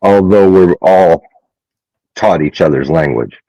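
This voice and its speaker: A man's voice: sits low, unhurried, gravelly, mellow, no room sound, dull audio. A Canadian man in a casual conversation, explaining things patiently and laughing often. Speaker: host.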